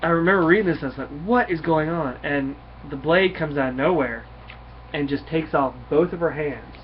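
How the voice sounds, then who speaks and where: A man's voice: a little high, fairly quick. A man casually reviewing a comic book, retelling the plot in a rambling way with fillers and restarts, on a dull lo-fi recording. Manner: rambling, many fillers and restarts, reads dialogue aloud. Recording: dull lo-fi recording with faint hiss.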